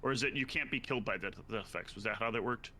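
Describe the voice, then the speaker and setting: A man playing a tabletop game, working out his party's moves out loud in halting bursts. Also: fairly low pitch, slight background noise. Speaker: player.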